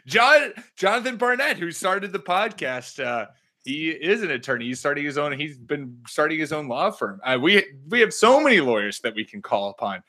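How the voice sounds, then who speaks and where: A man hosting a casual sports podcast with a bright, lively voice. He talks in a jokey, animated way and steers the conversation with questions. His pitch sits a little high. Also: normal speed. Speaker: podcast host.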